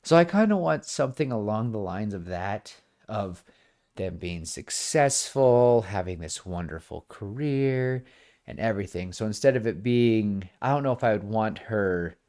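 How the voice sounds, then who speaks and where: A man with a fairly low voice co-hosts a podcast. He rambles through a story pitch in a relaxed, chatty way. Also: moderate pace. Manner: rambling, acts out bits of dialogue. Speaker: podcast co-host. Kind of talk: casual pitch-meeting chat.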